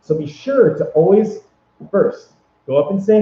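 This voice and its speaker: A man rambles cheerfully through casual advice, stumbling over his words and circling back. His voice sits a little high for a man. The sound is roomy and echoey, with a dull, lo-fi tone. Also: animated, measured pace. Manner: rambling, upbeat, many fillers and restarts. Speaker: vlogger giving convention tips.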